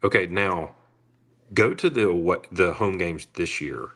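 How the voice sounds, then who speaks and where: A very low, husky-voiced man co-hosts a sports podcast. He talks in a wry, conversational way, drawing out his points. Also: expressive, a little slow, a bit bright. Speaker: podcast co-host. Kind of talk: casual sports chat.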